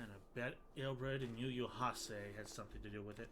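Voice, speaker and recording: A man's voice: medium pitch, steady tone, a little fast, hardly any pauses, a bit bright, soft background music. Offhand joking man streamer. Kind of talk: casual game commentary.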